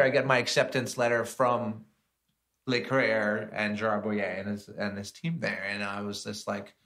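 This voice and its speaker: A man, a chef and entrepreneur, telling stories in a casual interview, animated and chatty. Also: on the low side, normal speed. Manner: animated, slips into lively acted-out voices in his stories.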